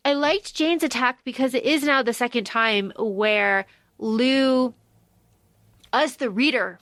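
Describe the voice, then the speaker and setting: A woman co-hosts a podcast, chatting casually about a book with plenty of fillers, quoted asides and casual swearing. Her voice is fairly high and fairly bright, with no room sound.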